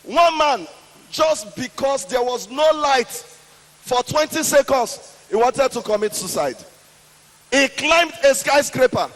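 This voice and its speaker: A man from Nigeria with a Nigerian accent doing stand-up comedy, telling stories with an emphatic, drawn-out delivery. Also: very high-pitched, lively intonation. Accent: Nigerian English. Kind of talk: stand-up storytelling. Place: large hall with a live audience. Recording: long hall reverb.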